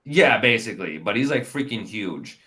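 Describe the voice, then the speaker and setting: A young man talks through a film in casual podcast chat. His pitch swings widely and his delivery is animated, with sudden loud bursts when he acts out characters. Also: normal speed. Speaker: podcast co-host. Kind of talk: casual movie review chat.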